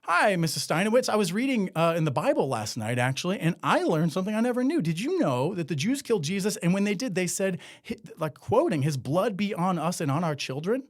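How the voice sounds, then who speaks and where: A man doing a cheery, earnest schoolkid voice, raised and animated, feigned innocence. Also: high voice, brisk, hardly any pauses, voice pushed up. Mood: mock-innocent. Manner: mock-innocent, bright and chatty. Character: earnest, chirpy schoolkid asking a teacher.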